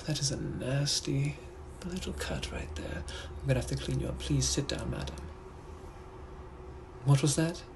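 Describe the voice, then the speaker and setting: A man voicing a suave, menacing 1800s British gentleman with a British accent, who drawls and flirts in a breathy, often whispered voice for comedic POV role-play. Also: mid-range voice, unhurried, background noise. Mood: courteous. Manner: flirtatious and softly threatening, drawling.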